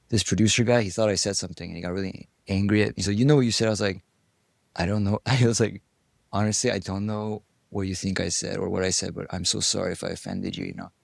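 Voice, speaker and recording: Gravelly man telling stories. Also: low-pitched, fast talker, no echo. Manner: animated storyteller, acts out quotes, swears. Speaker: interview guest. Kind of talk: casual storytelling.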